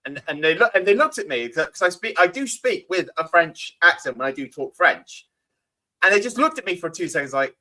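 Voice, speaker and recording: A British man co-hosting a casual live-stream chat, telling a self-mocking story in an animated way. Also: a little high, brisk, low-quality recording.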